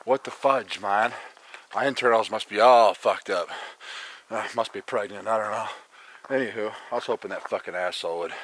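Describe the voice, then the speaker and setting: A man's voice: fairly low pitch, moderate pace, fairly bright tone. A man vlogging on the trail, telling a story as a foul-mouthed, fired-up rant. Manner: profane, ranting storytelling. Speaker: hiking vlogger. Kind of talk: casual vlog monologue. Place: backcountry campsite outdoors.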